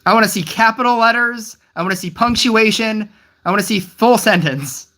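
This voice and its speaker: A mobile game streamer chatting live with viewers, rambling and puzzled, with many restarts and gentle teasing of the chat. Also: mid-range voice, normal speed.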